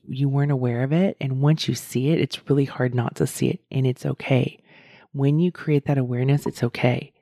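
A woman's voice: rumbling low, dark tone, no room sound, clean studio sound. A middle-aged woman hosting a solo podcast as a coach, talking earnestly and encouragingly straight to her listeners.

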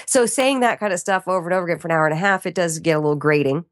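A woman voiceover artist chatting as a podcast guest, animated and playful with quick asides. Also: fairly low pitch, no echo, studio quality. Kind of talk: casual chat.

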